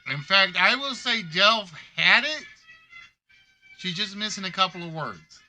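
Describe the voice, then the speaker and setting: Bright-voiced, chatty male game show host. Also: high voice, lively intonation, measured pace, soft background music. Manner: chatty and playful, giving hints and joking with players. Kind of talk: casual live-stream game show hosting.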